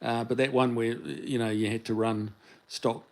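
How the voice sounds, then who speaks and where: A man's voice: mid-range voice, flat delivery, normal speed, creaky, rough recording. A New Zealand man hosting a casual live stream, rambling along as he reads viewer comments aloud into a phone he holds in his hand. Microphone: phone held in hand.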